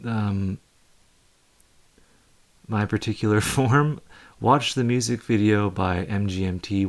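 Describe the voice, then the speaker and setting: Young man, low voice, gravelly fry, casual live stream chat, rambling with lots of fillers. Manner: rambling, loose storytelling with many fillers.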